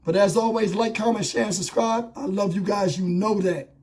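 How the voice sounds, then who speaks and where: Hoarse male vlogger with a high voice, fiery, profane commentary, close lavalier sound. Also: moderate pace, a little mellow. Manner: blunt, profane, impassioned ranting. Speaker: YouTube commentator. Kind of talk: angry commentary vlog. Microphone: wireless lavalier.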